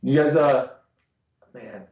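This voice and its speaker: A man's voice: mid-range voice, takes it slowly, a little mellow. A man co-hosting a podcast, swearing freely as he tells stories in casual chat. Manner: crude, swearing storyteller. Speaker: podcast co-host. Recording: dull, roomy live-stream audio.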